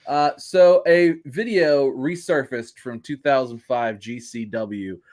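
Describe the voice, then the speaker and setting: A man's voice: medium pitch, takes it slowly, a little mellow. A man co-hosting a wrestling podcast in casual chat, joking around and laughing often. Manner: jokey, laughs often, chatty. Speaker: podcast co-host.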